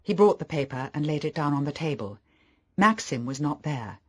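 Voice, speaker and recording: A man reading a novel aloud as audiobook narration, steady and even. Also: on the high side, moderate pace. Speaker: audiobook reader. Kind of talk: scripted narration.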